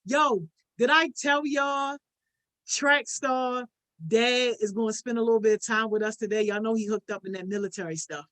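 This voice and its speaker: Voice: medium pitch, normal speed, fairly bright tone. A youth program host on a casual livestream, greeting viewers by name one after another in slangy talk that ends nearly every phrase with "yo". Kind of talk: casual livestream chat with participants.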